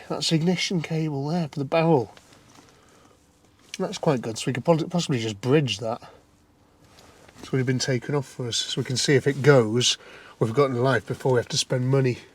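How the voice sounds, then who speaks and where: Brisk and slightly rough at a medium pitch, a man vlogs from a chilly scrapyard while inspecting an old car. His running commentary to camera is chatty and wry, with plenty of muttering under his breath.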